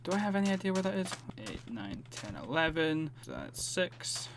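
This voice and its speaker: A man narrating his own gameplay in a slightly higher-than-usual voice. He thinks out loud, groans at his mistakes and pokes fun at himself. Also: big pitch swings, normal speed, slight background noise. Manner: self-deprecating, exasperated, talks to himself while playing. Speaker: gaming YouTuber. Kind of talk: let's play commentary.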